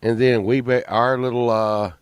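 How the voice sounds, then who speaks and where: A middle-aged Texan man hosting a rambling casual chat, tired from a late night, swinging between mumbles and loud outbursts. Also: mid-range voice, level tone, normal speed, smooth, no room sound, studio quality. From Texas. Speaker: show host.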